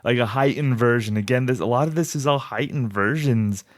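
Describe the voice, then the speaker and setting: A man's voice: medium pitch, a little fast, no room sound, clean studio sound. A man hosting a podcast in casual chat, friendly, agreeing often and asking questions. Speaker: podcast host.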